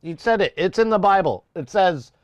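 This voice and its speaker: A man's voice: sits high, expressive, moderate pace, no room sound. A young man casually chatting on a live music-production stream, rambling, swearing and laughing at his own jokes. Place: home studio.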